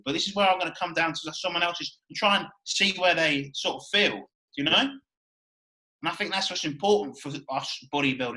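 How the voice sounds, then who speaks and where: Brief: male podcast host, high bright voice, fired-up and profane in loose chat. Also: low-quality recording. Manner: excitable, swears a lot, repeats "you know what I mean". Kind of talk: casual chat.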